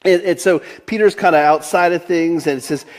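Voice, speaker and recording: A Delaware-accented pastor in his forties gives a casual, conversational sermon in an on-the-high-side, fairly quick voice with a darkish tone. He's chatty, laughs often, and keeps restarting sentences and using fillers.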